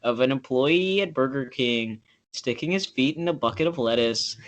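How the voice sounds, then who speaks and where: A man's voice: medium pitch, normal speed, lo-fi sound. A young man co-hosting a casual podcast chat, giggly and rambling, dropping into silly voices. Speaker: podcast co-host.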